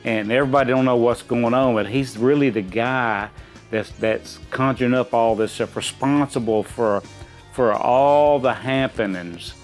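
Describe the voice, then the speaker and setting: Middle-aged dad, folksy and rambling, casual chat with faint music underneath. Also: male voice, medium pitch, a little slow. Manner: rambling and folksy, many restarts. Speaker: quiz contestant.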